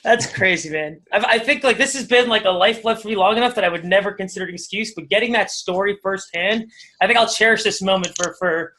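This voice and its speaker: A man co-hosting a podcast, reacting with excitable swearing and casual remarks. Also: sits high, fast. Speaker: podcast co-host.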